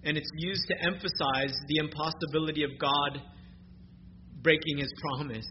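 Man, pastor, emphatic sermon, fairly high voice, dull muffled audio. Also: steady tone, normal speed. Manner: emphatic preaching, rising in intensity on key phrases. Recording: muffled recording with clear background noise.

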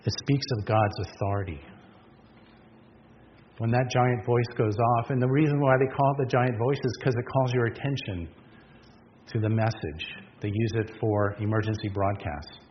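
A man's voice: on the low side, normal speed. A man preaching a sermon, earnest and emphatic, asking the congregation rhetorical questions. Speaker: pastor. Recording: dull lo-fi sound with long reverb and faint noise.

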